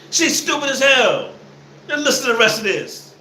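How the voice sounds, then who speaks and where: Laughing, mocking man with a bright voice. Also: very high voice, wildly swooping pitch, moderate pace. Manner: loud laughing, mocking, repeats phrases. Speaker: host reacting to clips. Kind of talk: mocking commentary. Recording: echoey room, faint noise.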